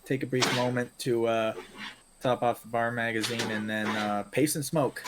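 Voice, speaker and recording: A man playing a tabletop game, calmly stating his character's actions in a matter-of-fact way. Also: medium pitch, normal speed, noisy background. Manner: laid-back, matter-of-fact declarations of actions. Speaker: player.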